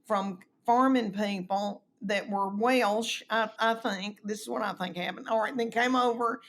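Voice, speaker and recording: A middle-aged woman, telling animated stories and acting out quoted voices in a casual chat. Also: mid-range voice, a little slow. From East Tennessee, US. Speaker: comedian guest.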